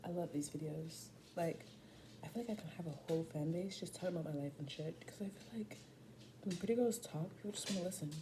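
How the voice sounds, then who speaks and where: Speaking fast in a fairly low voice, with background noise present, this eighteen-year-old vlogger chats casually to camera. She tells lively stories heavy on slang and swearing.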